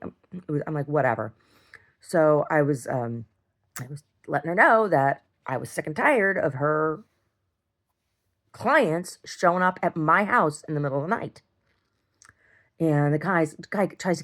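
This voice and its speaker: Middle-aged woman, deep voice, casual video-diary storyteller, rambling and blunt. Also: very animated, moderate pace. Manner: rambling, repeats words and restarts, swears when heated. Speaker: video diarist.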